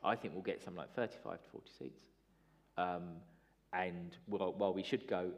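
A man in casual political chat, chatty and animated, with lots of fillers. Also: low-pitched, fast talker. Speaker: political commentator, former party staffer.

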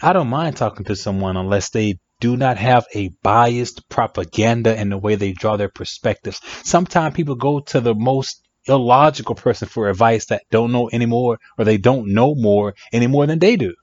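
A man's voice: mid-range voice, normal speed, few pauses, no echo. A man giving relationship advice in a reflective monologue, emphatic and repeating phrases for effect. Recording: dry, dull lo-fi sound.

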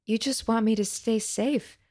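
A woman's voice: a little high, steady tone, a little slow, darkish tone, voice pushed up. A woman voicing a stubborn young rebel woman who speaks fiercely and defiantly.

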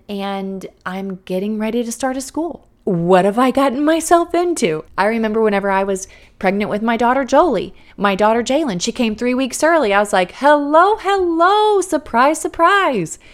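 Animated, encouraging woman speaker. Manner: animated, acts out worried inner voices with big swings in pitch and loudness; earnest and encouraging, repeats key phrases for emphasis. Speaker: motivational speaker for people starting schools. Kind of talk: faith-based encouragement talk.

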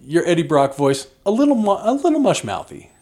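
Playful, animated male podcast host. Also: on the high side, a little fast. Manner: playful, animated, jumps into silly voices. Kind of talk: comedic casual chat.

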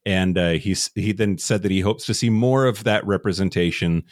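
A man's voice: deep voice, a little fast, no room sound, studio quality. A man co-hosting a casual podcast, chatty, laughing often and talking with fillers and restarts. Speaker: podcast co-host.

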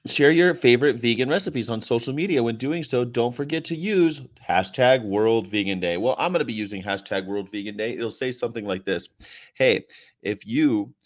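A man's voice: mid-range voice, fairly quick, few pauses. A man hosting a casual livestream from a hotel room, reading viewer comments with a sarcastic, joking, rambling manner. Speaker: vegan activist livestream host.

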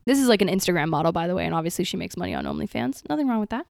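Young woman cohost, animated gossip storyteller, dry close mic. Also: on the low side, rapid-fire, vocal fry, no room sound. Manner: animated storytelling, quoting people with "he's like". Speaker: podcast co-host. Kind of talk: casual chat, retelling a gossip story.

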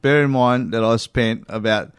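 A man's voice: mid-range voice, steady tone, normal speed, clean tone, no echo, studio quality. A man co-hosting a casual chat, wry and teasing. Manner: wry, teasing, self-deprecating. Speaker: podcast co-host.

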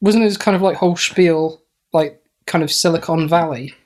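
A man's voice: on the high side, moderate pace. Giggly rambling man. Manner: rambling, giggly, lots of fillers. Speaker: podcast co-host. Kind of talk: casual comedic chat.

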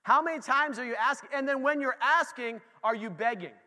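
A pastor preaching a lively, conversational sermon in a church, talking straight to his congregation. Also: very high voice, brisk, big-room sound.

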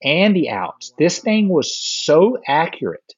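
A man's voice: a little high, slow pace, husky, no echo, highs cut off. A man in casual chat, animatedly telling a story and acting out what others said. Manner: animated storyteller, acts out quotes.

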